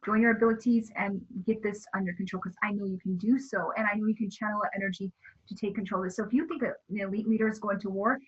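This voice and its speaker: Earnest halting woman, husky lo-fi voice. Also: mid-range voice, steady tone. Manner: earnest, halting with many restarts. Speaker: interview guest. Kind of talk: spiritual interview talk.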